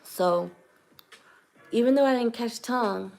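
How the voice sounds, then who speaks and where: A woman's voice: on the high side, unhurried, creaky, darkish tone, soft background music. A young woman vlogger telling a personal testimony to camera in an earnest, hesitant way, choosing her words carefully.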